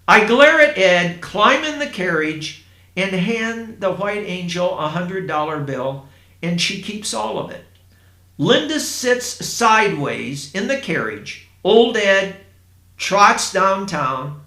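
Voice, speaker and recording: A man from Indiana telling a first-person story in a plain, unhurried way, with asides to his listeners. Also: sits high, sing-song, pushed and bright. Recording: roomy echo.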